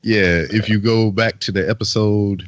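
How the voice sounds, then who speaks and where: A low-pitched man chatting on a podcast, telling loose stories peppered with swearing. The recording sounds dull and lo-fi. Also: steady tone, normal speed. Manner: profane, loose storytelling. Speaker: podcast co-host. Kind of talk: casual chat.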